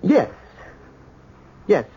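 A man's voice: extremely slow, mellow. An actor playing a timid, nervous young man who talks hesitantly and stammers, in a 1970s radio drama. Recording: dull lo-fi radio recording.

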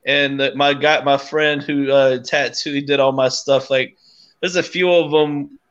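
A man's voice: medium pitch, steady tone, unhurried, fairly bright tone, clear, resonant tone, muffled recording. A man chatting casually as a podcast guest, hesitant and full of fillers and restarts. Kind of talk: casual chat.

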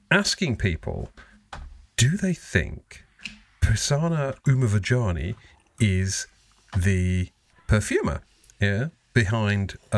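A man's voice: fairly low pitch, no room sound. Man, podcast co-host, rambling, joking, swears a lot, dry close sound. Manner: jokey, rambling, swears freely. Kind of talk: casual chat.

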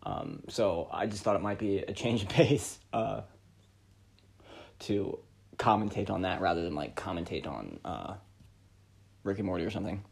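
A man's voice: low voice, normal speed, creaky, long pauses. A man hosting a casual reaction commentary, rambling with lots of fillers and breaking into profane rants. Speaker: commentary host.

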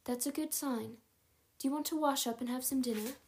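A woman's voice: high voice, brisk, a little mellow, pitched above the performer's own voice. A woman voicing a kind, tender, motherly woman in a read-aloud storybook. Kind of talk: audiobook character reading.

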